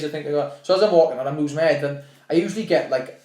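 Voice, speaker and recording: A young Welsh man, a podcast guest, telling stories in casual chat, animated and swearing, acting out what people said. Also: fairly high pitch, very fast, reverberant. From Wales. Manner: animated, swearing, restarts and acts out quotes.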